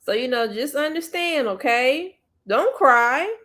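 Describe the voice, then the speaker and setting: Woman livestream host, casual chat, soothing and coaxing tone, bouncy animated pitch. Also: measured pace. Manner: chatty and relaxed with viewers.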